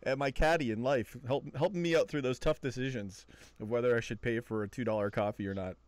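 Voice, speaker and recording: Streaming late at night from his home computer, a male host of a live call-in fan show talks at a quick pace, laid-back and chatty, laughing often between remarks. His pitch sits in the middle, recorded dry and close with no echo.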